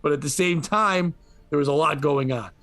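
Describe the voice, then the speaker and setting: A man with a slightly high voice tells a news story for laughs, swearing freely and acting out the people in it. The sound is dry and close, with no room around it. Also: moderate pace, a bit bright, dry recording. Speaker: podcast host. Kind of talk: comedic news commentary.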